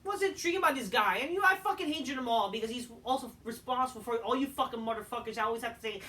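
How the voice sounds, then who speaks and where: A tired man casually reviewing a wrestling show, rambling and swearing, often erupting into shouted rants. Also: very high voice, rapid-fire, few pauses. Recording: distant mic with faint background noise.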